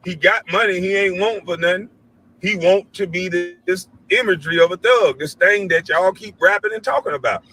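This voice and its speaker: A middle-aged show host delivers a heated commentary rant in a high, bright, cutting voice, swearing freely and preaching at his listeners. At normal speed, he sometimes mimics other people in an even higher voice. The recording is rough.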